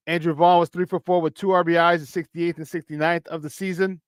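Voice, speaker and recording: A man from hosting a casual morning sports talk show, rambling and excitable, breaking into laughs. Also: a little high, quick pace, hardly any pauses, smooth, no echo, studio quality.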